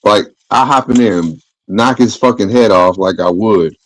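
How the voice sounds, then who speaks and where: Deep-voiced laid-back man, casual slang. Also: moderate pace, a little hiss or hum, low-quality recording. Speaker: podcast host. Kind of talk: casual chat.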